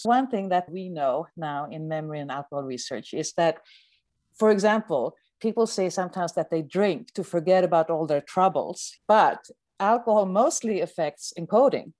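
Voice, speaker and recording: A woman's voice: on the low side, lively intonation, normal speed, darkish tone, no room sound. A woman in her forties, a brain scientist, talking animatedly in a podcast interview and laughing often.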